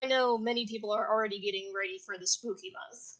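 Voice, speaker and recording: A woman's voice: mid-range voice, steady tone, fast, a bit bright. A woman on a casual podcast, asking a question in a hesitant, rambling way. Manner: hesitant, rambling, starts over often.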